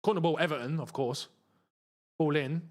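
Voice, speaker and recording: A man's voice: a little high, moderate pace. A young man hosting a live football watchalong, chatting and reading out viewer comments. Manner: chatty, reads out viewer comments, bursts into emotional shouts. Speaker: football channel host.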